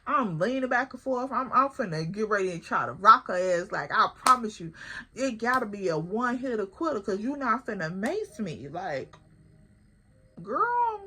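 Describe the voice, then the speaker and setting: A young woman telling a story on her vlog, animated and acting out what everyone said. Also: medium pitch, normal speed, slight background noise. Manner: animated storytelling, acts out quoted lines. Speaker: vlogger.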